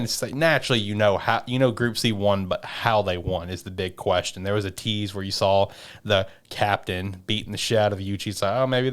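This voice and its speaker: A man co-hosting an anime podcast who swears freely and retells scenes in an animated way. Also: on the low side, clean tone. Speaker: podcast co-host. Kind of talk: casual anime recap chat.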